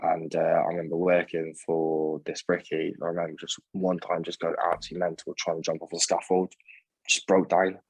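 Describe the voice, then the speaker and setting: A young man, his voice very low and husky, telling his own story in a halting way, full of fillers and restarts. The sound is dry and close, with no room around it. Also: monotone, no echo. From England. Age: young adult. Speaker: guest. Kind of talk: candid personal storytelling.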